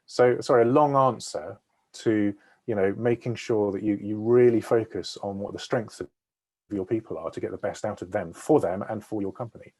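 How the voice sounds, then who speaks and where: A man's voice: on the low side, normal speed, darkish tone. A man speaking as a sales consultant on a webinar over a video call, explaining at length and checking in with his listeners as he goes. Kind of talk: webinar talk.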